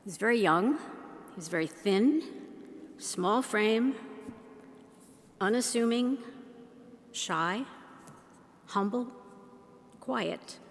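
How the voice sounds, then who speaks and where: Slow-speaking woman in a reverberant hall. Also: medium pitch, expressive. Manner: unhurried, teacherly, asks the audience questions. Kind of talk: public talk to an audience. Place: large shrine hall.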